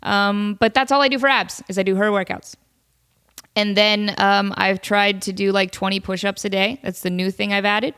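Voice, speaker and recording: A woman's voice: mid-range voice, fairly even intonation, moderate pace, a bit bright, clean tone. A woman hosting a casual solo podcast from home, chatty and self-deprecating, with a cold. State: has a cold, sniffly. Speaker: podcast host.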